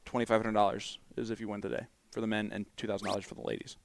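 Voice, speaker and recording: A man's voice: fairly low pitch, level tone, racing. A man commentating live darts, chatty and explanatory as he runs through the figures.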